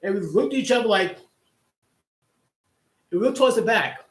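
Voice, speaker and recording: A man's voice: high voice, lively intonation, normal speed. A man hosting a livestream, telling a long casual story that rambles with many restarts and asides. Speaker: livestream host. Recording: echoey room.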